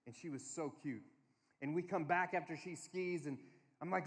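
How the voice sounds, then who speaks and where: A man preaching to a conference crowd, telling family stories in an animated way and giving the room instructions. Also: on the high side, normal speed. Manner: storytelling, animated, quotes his kids in a small voice. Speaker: speaker. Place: large hall. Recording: long hall reverb.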